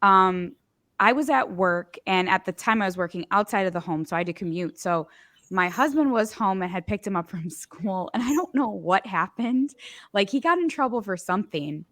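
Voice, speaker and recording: Casting: woman, 40s, chatty and laughing, dry close podcast sound, mid pitch. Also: lively intonation, normal speed, fairly bright tone, no room sound. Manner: chatty, laughs often while telling stories. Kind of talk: casual chat.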